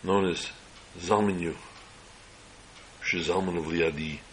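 A man telling an inspirational religious story slowly, in short measured phrases. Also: low voice, steady tone, fairly bright tone, a little hiss or hum, poor audio.

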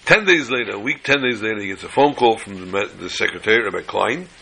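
A man with a gravelly, rough-edged voice tells stories in a casual, folksy way. His tone is bright and forceful, and he drops Yiddish and Hebrew phrases as he acts out each character's lines. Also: on the low side, lively intonation, rough recording. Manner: acts out dialogue with quick quoted voices. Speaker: storyteller. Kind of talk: casual storytelling talk.

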